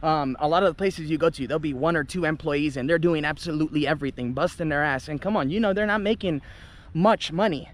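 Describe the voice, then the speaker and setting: A man's voice: a little high, fast talker. A young man, a travel vlogger, ranting casually to camera, heated and indignant, swearing freely. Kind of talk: casual vlog rant to camera.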